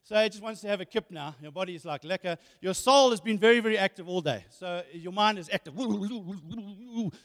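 A man preaching a sermon, animated, often repeating words and asking rhetorical questions. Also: high voice, quick pace, few pauses. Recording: hall reverb.

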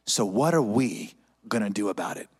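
A man's voice: on the low side, lively intonation, normal speed, husky, in a large hall. A man pastor preaching a sermon, dynamic and leading the congregation in call-and-response.

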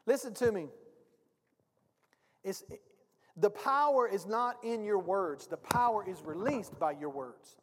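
A man's voice: sits high, animated, a little slow, pauses often. A male pastor preaching a sermon, emphatic and speaking directly to his congregation. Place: church sanctuary. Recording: long reverb of a church hall.

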